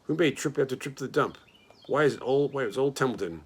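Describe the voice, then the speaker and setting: A man's voice: mid-range voice, lively intonation, quick pace, husky. A man voicing a grumpy, selfish male rat who talks in a mocking, complaining way.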